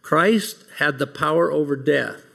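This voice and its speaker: Bright and forceful in tone, on the high side, creaky and unhurried, a man opens an earnest devotional talk to a large audience. He reads scripture aloud and asks rhetorical questions.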